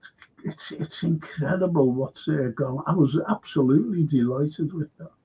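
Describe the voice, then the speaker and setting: Scouse guy on a live stream, kinda high voice, husky, dull lo-fi audio. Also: a little slow, mellow. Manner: emphatic, repeats himself, quizzes his viewers. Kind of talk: rambling live-stream commentary.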